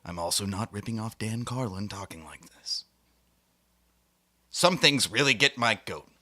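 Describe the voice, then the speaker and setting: A man's voice: on the low side, expressive, a little slow, sharp tone. A man hosting a satirical comedy monologue, delivering it in a mock-serious, grandiose way with theatrical asides. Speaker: host.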